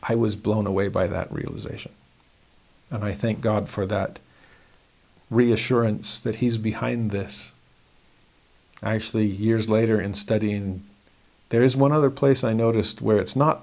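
Gravelly-voiced man telling a faith story. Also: fairly low pitch, measured pace, long pauses. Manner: animated storytelling, acting out his own inner dialogue. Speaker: religion teacher. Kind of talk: personal devotional talk.

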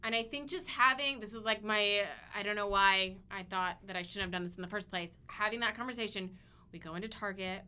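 A woman's voice: mid-range voice, fairly quick, pushed and bright, clear, resonant tone. A woman in her thirties, a podcast co-host, telling a long, chatty story with lots of fillers and restarts. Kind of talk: casual chat.

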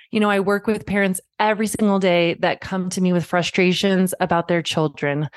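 A woman in her thirties hosting a parenting podcast, talking straight to the listener in a warm, reassuring way, like a friend. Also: on the low side, steady tone, brisk, hardly any pauses, soft background music. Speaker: podcast host. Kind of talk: podcast monologue.

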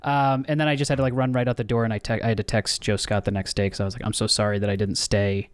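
A man's voice: fairly low pitch, little pitch movement, quick pace, smooth, no room sound, clean studio sound. A man co-hosting a comedy podcast, telling rambling, self-mocking stories in casual chat. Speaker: podcast co-host.

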